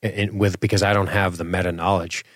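A man's voice: low voice, little pitch movement, a little fast, dry recording, clean studio sound. A man co-hosting a podcast in a casual, rambling, enthusiastic chat. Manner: rambling, restarts often, enthusiastic. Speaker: podcast co-host.

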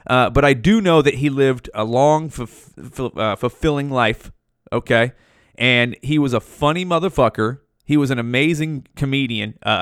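Man, mid pitch, hosting his show solo; loose, profane, slangy rambling into a dry close mic. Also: fairly bright tone, clean tone, no echo. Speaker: podcast host. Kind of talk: rambling casual monologue.

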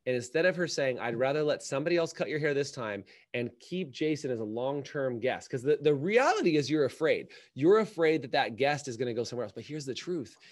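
A man who coaches salon owners, talking in a casual podcast conversation, emphatic and animated, acting out little quoted voices. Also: mid-range voice.

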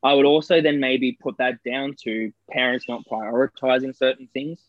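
A young man with an Australian accent rattles through a casual podcast story, swearing freely. His voice is mid-pitched, and the recording is dry and a little dull. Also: steady tone, moderate pace, dry recording. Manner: sweary storytelling, puts on voices for quoted people. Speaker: podcast co-host. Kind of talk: casual chat.

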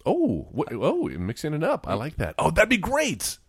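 A man co-hosts a podcast with lively, animated chatter. He stumbles over his words and laughs at himself. The recording is close and dry, with no room sound. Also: a little high, moderate pace, breathy edge, no room sound. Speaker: podcast co-host. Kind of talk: casual chat.

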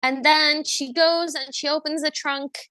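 A woman's voice: high voice, fairly even intonation, a little slow, pushed and bright, dry recording. A woman co-hosting a podcast, recapping a movie in a chatty, wry way. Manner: chatty, wry, slips into voices. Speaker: podcast co-host. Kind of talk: casual chat recapping a movie.

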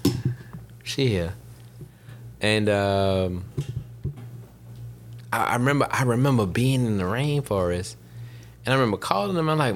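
A man in his thirties talking in a casual chat, rambling and halting, restarting his sentences. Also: mid-range voice, animated, creaky, a little hiss or hum. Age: 30s.

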